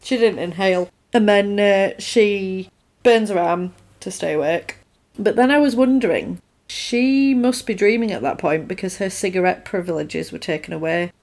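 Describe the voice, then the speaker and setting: An animated woman, retelling a film scene by scene in relaxed chat. She breaks into quick quoted lines for each character, her voice sitting at an ordinary middle pitch. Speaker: film podcast co-host. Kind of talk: casual chat recapping a film.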